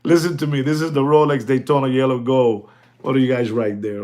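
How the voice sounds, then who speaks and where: A man selling watches in a casual, rambling talk, often calling out to ladies and gentlemen and laughing as he goes. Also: mid-range voice, fairly even intonation, fairly quick. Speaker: watch dealer. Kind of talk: casual chat.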